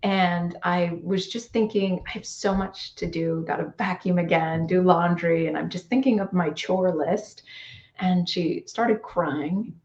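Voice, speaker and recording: A woman's voice: fairly low pitch, steady tone, a little slow, darkish tone, reverberant, dull audio. A woman guest in a conversation, earnestly telling a personal story and reflecting on it. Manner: earnest, reflective, acts out quoted voices. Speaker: podcast guest.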